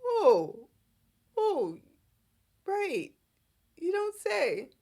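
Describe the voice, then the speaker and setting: A woman's voice: a little high, big pitch swings, drawn-out words, darkish tone, heavily acted. A woman voicing an erratic older patriarch who talks in abrupt, blustering bursts. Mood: feigning surprise.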